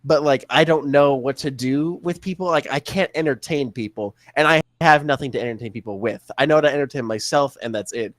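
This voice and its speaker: A man's voice: medium pitch, a little fast, hardly any pauses, fairly bright tone, dry recording. Blunt, profane young man on a podcast. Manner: blunt, profane, self-deprecating. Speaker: podcast co-host. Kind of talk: casual chat.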